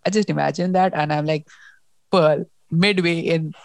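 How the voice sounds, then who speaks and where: Book-podcast co-host, woman, low voice, emotional and rambling, dry sound. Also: fairly even intonation, normal speed, a little mellow, no echo. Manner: emotional, restarts and gushes about the story. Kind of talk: casual book discussion.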